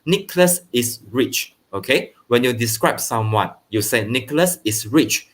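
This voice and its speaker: A man teaching primary school grammar online, explaining slowly and checking understanding with "okay", with brief bits of Mandarin. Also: medium pitch, lively intonation. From Malaysia. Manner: switches into Mandarin for translations.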